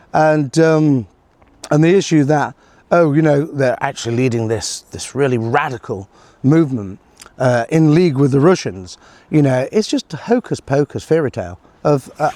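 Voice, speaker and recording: A middle-aged man talks through his views in a loose, sarcastic monologue, trailing off into ums and brief chuckles. His voice sits a little high for a man. The recording is close and dry, with no room sound around him. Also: darkish tone, dry recording. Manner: sarcastic, rambling, with frequent fillers and chuckles. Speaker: political commentator. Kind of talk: casual solo commentary.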